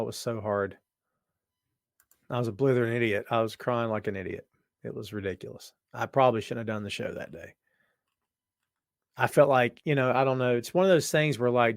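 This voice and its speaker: A man's voice: mid-range voice, dry recording, clean studio sound. A man hosting a casual live-stream talk show, his voice worn out, rambling and joking straight to viewers. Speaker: podcast host. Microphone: webcam setup.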